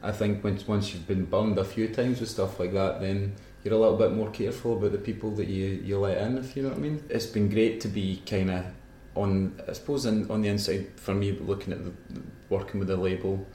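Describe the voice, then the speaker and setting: A Scottish man rambles through a relaxed interview, often breaking into laughter mid-story. His voice sits fairly low, and the room around him adds a noticeable echo. A faint hum of ambience hangs behind his words. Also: brisk, few pauses. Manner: rambling, laughs often while telling stories. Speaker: musician guest. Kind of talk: casual interview chat. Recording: roomy echo.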